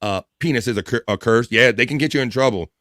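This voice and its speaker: A man's voice: mid-range voice, quick pace, fairly bright tone, no echo, clean studio sound. A man hosting a casual livestream, reading viewer comments aloud with crude, jokey banter and frequent laughs. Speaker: livestream host.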